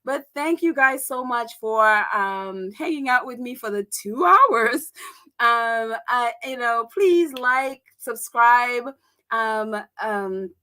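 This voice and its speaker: A woman's voice: a little high, animated, slow pace, sharp tone. A woman hosting a casual livestream, chatty, with frequent laughter and filler words. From United States. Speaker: livestream host.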